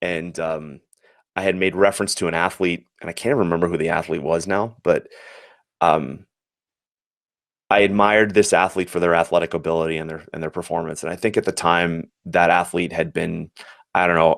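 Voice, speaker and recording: Deep and creaky, this man's voice stays level at normal speed, recorded cleanly in a studio without echo. He's a former Olympian from the United States in his forties, recounting earnest, reflective anecdotes for an interview and regularly restarting his sentences.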